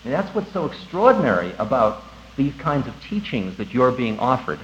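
Animated man giving a spiritual talk. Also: medium pitch, normal speed, slight background noise. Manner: animated, conversational, laughing at himself. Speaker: spiritual teacher. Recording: dull lo-fi recording with faint ambience.

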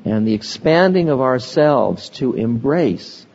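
An older man giving a slow, meditative spiritual talk, pausing between words, recorded lo-fi in a reverberant hall. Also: mid-range voice, lively intonation, vocal fry, darkish tone, a little hiss or hum. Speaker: spiritual teacher.

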